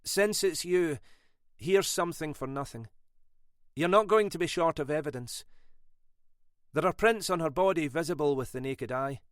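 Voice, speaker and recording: A man's voice: a little high, normal speed, long pauses, no echo, studio quality, voice pushed up, natural voice. A man voicing a frank, matter-of-fact woman forensic scientist with a wry edge.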